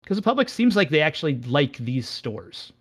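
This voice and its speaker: Man, game shop owner, guest. Self-deprecating, animated storyteller, slightly higher pitch. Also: normal speed, slightly rough. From Pittsburgh area, United States. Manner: animated, self-mocking, rambling with restarts. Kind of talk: candid storytelling in casual chat.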